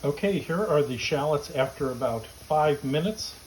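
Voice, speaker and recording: A man hosting a casual cooking demonstration, explaining each step in a relaxed, chatty way from his home kitchen. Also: on the high side, moderate pace, slight background noise, low-quality recording. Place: backyard garden, then home kitchen.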